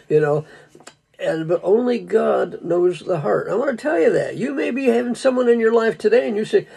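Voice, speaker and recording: Gravelly high-ish voiced guy preaching, real folksy, keeps saying dude. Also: animated, moderate pace, dark tone, low-quality recording. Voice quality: gravelly, husky. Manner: folksy, rambling, chuckles often, slang like "dude". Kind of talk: casual homespun sermon.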